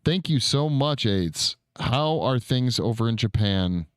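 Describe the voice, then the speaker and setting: A man's voice: mid-range voice, animated, unhurried, clean tone, dry recording, clean studio sound. A man hosting a casual livestream, reading chat aloud and answering viewers, with easy swearing. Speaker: streamer.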